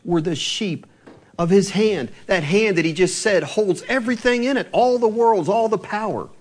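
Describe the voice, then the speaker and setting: A male pastor delivering a sermon in a fairly high voice. He reads scripture aloud and leans hard on key words with slow, emphatic stresses.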